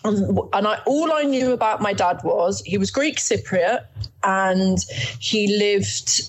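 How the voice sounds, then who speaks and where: Husky-voiced woman chatting thru a personal story, lots of restarts, mid pitch. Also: slow pace, rough recording. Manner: chatty, many restarts, acts out quoted voices. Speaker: interview guest telling her story. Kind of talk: casual storytelling.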